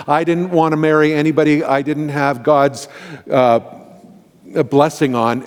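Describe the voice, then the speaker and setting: A middle-aged male pastor telling a personal story in a sermon, animated and candid, with self-deprecating asides. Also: fairly high pitch. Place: church sanctuary. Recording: reverberant church hall.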